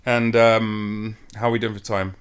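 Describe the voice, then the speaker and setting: A man hosting a podcast, telling a rambling anecdote in a relaxed, chatty way. He slips into other people's voices to act out their lines and swears freely as he goes. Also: lowish voice, unhurried, clear, resonant tone. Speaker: podcast host. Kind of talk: casual storytelling chat.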